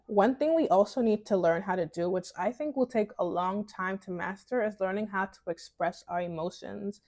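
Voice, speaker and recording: A woman's voice: mid-range voice, moderate pace, hardly any pauses. Chatty young woman from New York. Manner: chatty and expressive, laughing often. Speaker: lifestyle vlogger. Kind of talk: casual advice vlog.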